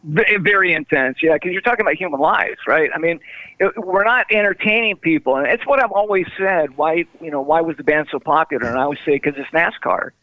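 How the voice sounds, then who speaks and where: A man's voice: on the high side, brisk, no echo. Man telling stories over a tinny phone line. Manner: animated storyteller, acts out quoted dialogue. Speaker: guest, former tour manager. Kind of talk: storytelling interview.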